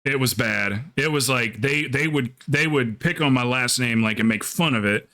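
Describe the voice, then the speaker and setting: A man's voice: mid-range voice, normal speed, sharp tone. Joking, rambling male streamer. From South Carolina, USA. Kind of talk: casual chat while gaming.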